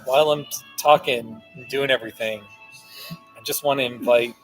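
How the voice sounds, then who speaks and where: A man's voice: mid-range voice, steady tone, moderate pace, low-quality recording. A man hosting a casual livestream from a cafe, rambling and answering viewer comments aloud. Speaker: livestream host. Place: Starbucks cafe, indoors. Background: cafe music.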